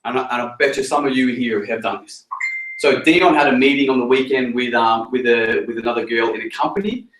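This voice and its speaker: A man's voice: medium pitch, fairly quick, fairly bright tone. A man giving a rousing motivational talk to a group and asking the room questions. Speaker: team leader at a training. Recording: echoey room, recorded from afar.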